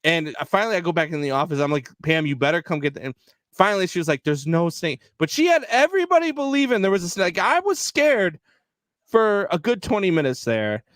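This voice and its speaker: High-pitched and fairly quick, this man co-hosts a podcast, chatting casually about live sports. His sound is dry and close with no room sound, and he tells stories animatedly with plenty of fillers.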